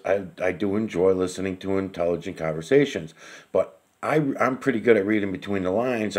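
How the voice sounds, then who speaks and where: A man's voice: fairly low pitch, darkish tone. A man speaking as a listener addressing the hosts, frustrated and complaining in a rambling way. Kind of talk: recorded comment to the hosts.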